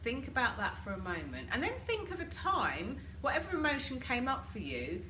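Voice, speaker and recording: Lively British woman coaching live, roomy sound. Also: fairly high pitch, a little fast. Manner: chatty, asks listeners reflective questions and greets viewers. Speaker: coach hosting a live group session. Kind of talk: live-stream coaching talk. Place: home, washing machine running nearby. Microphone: laptop or phone camera for a live stream. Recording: roomy home live stream, washing machine hum.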